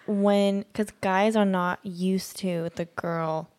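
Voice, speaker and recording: A woman's voice: mid-range voice, steady tone, takes it slowly, a little mellow. A woman co-hosting a podcast in casual chat, frank, with many "like"s. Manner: frank, says "like" a lot. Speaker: podcast co-host.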